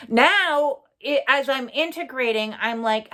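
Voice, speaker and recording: A woman giving an earnest, reflective personal monologue for her own channel. She pauses often, fills gaps with "uh" and swears bluntly for emphasis. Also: a little high, animated, pushed and bright. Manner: earnest, halting, many fillers and pauses. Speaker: spiritual channel host.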